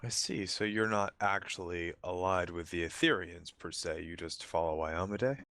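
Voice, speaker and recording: Low-voiced guy player, bright edge, goofing around with jokes. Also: normal speed. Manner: jokey, playful. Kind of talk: playing a tabletop game.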